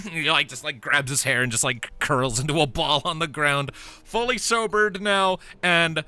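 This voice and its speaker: A man narrating as game master of a tabletop game, animated and laughing, with lots of fillers. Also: a little high, a little slow.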